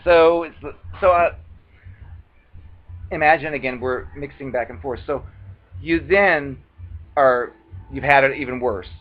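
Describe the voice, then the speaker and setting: A man's voice: medium pitch, measured pace, long pauses. A man telling a personal story in a casual monologue, acting out other people's lines with dramatic flair. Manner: animated, acts out quoted voices dramatically. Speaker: video blogger. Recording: dull lo-fi recording.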